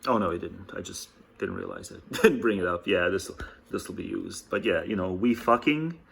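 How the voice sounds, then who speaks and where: A man's voice: sits low, fairly even intonation, normal speed, creaky, a bit bright, a little hiss or hum. A man hosting a casual commentary, rambling and thinking aloud as he goes, laughing often. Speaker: commentary host. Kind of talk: casual solo commentary over clips.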